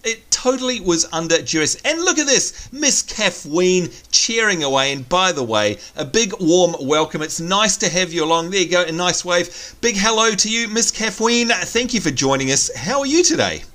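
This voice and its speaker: Excitable male let's-play host, high voice, very animated delivery. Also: normal speed, few pauses. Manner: excitable, teasing, laughs often. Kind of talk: casual gaming commentary.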